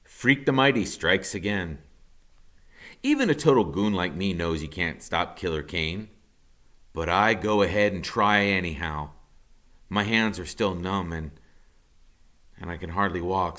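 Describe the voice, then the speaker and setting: A man, a teacher, reading a novel aloud with expressive storytelling. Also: low voice, moderate pace. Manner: expressive storytelling, rising to intensity.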